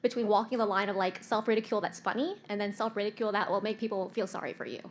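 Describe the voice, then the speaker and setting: A woman's voice: medium pitch, steady tone, very fast. A woman from the audience asking the panel a question in a casual way. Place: convention panel room. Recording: faint background noise.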